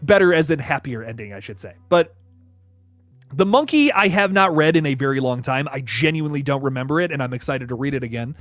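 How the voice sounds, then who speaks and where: A man hosting a casual horror news chat, answering viewer comments in an animated, rambling way with frequent restarts. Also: medium pitch, brisk, dry recording, soft background music.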